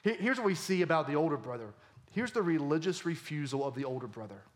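A male pastor preaching a sermon with animated emphasis, his voice climbing for key points. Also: fast. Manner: animated, voice rising high for emphasis.

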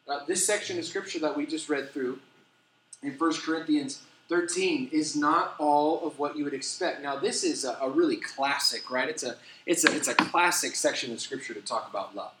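A middle-aged man preaching a sermon as a pastor, telling stories with animated, self-deprecating humor. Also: on the high side, moderate pace, slight background noise. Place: church sanctuary. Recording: echoey church hall.

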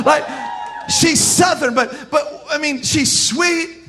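A pastor from South Florida preaching a sermon, telling stories in an animated, joking way and shouting his punchlines. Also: very high-pitched, slow, a faint crowd.

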